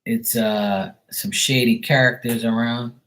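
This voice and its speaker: A man's voice: medium pitch, steady tone, a little slow, fairly bright tone. A man giving casual, profane tarot readings on a livestream, chatting loosely and laughing often between cards. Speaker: tarot reader.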